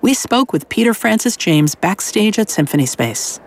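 A woman presenting a radio show in a measured, scripted way. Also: mid-range voice, sing-song. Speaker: radio host.

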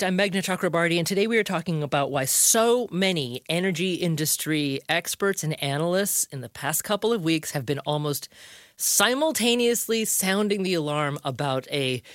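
A woman hosting a public radio interview show, introducing guests and asking quick, lively questions with frequent restarts. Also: sits low, dry recording, clean studio sound.

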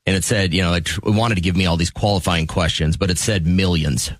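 A middle-aged man co-hosting a radio talk segment, his voice sitting low. The sound is close and dry with no room in it. He chats easily and tells stories between calls. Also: fairly even intonation, brisk, no room sound. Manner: chatty, storytelling, takes calls. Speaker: radio show co-host. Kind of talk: casual radio chat.

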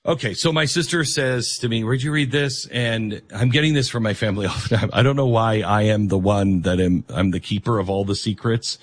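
A man's voice: on the low side, fairly quick, few pauses. A man hosting a radio talk show, talking casually with lots of fillers, restarts and sarcastic asides. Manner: rambling, chatty, sarcastic asides. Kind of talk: conversational radio monologue and host-read ad.

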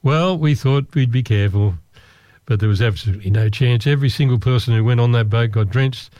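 A man's voice: medium pitch, a little fast, warm tone, no echo. A man recounting a trip in casual storytelling, with wry, dry humour.

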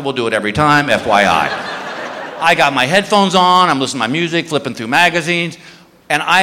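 A man on stage doing stand-up, his voice high and bright and swinging wildly as he acts out every person in his story. It rings with a long hall reverb over faint background noise. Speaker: stand-up comedian.

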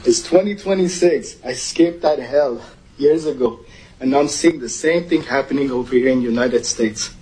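A man's voice: medium pitch, normal speed, mellow, breathy edge, poor audio. A man from Iran giving an urgent, emotional public comment at a meeting.

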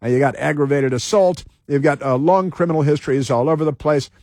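Male radio host, combative and repetitive, slightly high voice, dry sound. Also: quick pace, darkish tone, dry recording. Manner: combative, repeats phrases for emphasis. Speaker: radio talk show host. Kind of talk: talk radio commentary.

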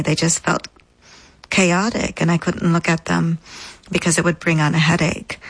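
A woman with a low, grounded voice speaks as an interview guest. She recounts her experience slowly and deliberately, pausing between phrases. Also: rough recording. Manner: measured, deliberate, pausing often. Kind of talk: reflective personal storytelling.

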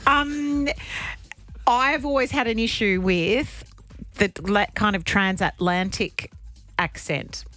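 A woman's voice: medium pitch, steady tone, slow pace, sharp tone, soft background music. A woman co-hosting a radio show, chatting casually and making fun of herself. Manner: chatty, self-deprecating, laughs often. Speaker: radio co-host.

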